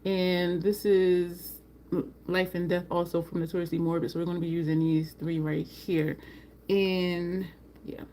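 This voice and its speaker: A woman hosting a casual makeup livestream, chatting with viewers by name and jumping up in pitch when she gets excited. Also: unhurried, a little hiss or hum.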